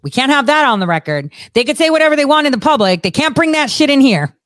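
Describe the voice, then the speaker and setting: A woman's voice: high voice, fast, no room sound, studio quality. Profane, sarcastic woman ranting. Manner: profane, sarcastic, animated rant. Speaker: political commentator. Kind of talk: ranting commentary.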